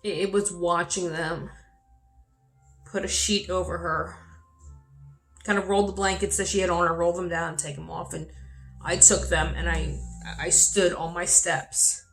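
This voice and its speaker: A woman's voice: fairly low pitch, flat delivery, unhurried, creaky, fairly bright tone, soft background music. A young adult woman vlogging a personal story, candid and swearing freely, her voice rising when she gets upset. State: dry mouth. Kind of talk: personal vlog, emotional storytelling.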